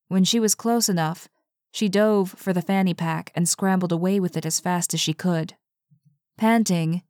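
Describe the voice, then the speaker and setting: Brief: woman narrator, lowish voice, slow and measured, dry close sound. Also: a little mellow, dry recording. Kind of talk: audiobook narration.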